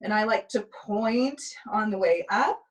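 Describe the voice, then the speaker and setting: A tired woman instructor calmly cueing pilates moves and counting through the reps, recorded on a camera mic a few steps away in an indoor studio. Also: mid-range voice, measured pace, far from the mic, low-quality recording. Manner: calm step-by-step cueing with counts. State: tired, yawning. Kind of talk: guided exercise instruction. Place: indoor exercise space.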